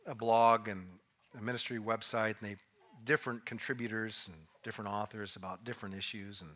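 A man preaching a sermon in a conversational storytelling way, now and then rising into loud, acted bursts. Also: medium pitch. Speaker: pastor. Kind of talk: sermon with personal anecdote.

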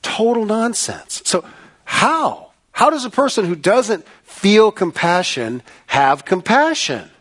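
Earnest preacher man, higher voice. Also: very animated, slow pace, a bit bright, breathy edge. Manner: earnest, repeats phrases for emphasis, rhetorical questions. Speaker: pastor. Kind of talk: sermon.

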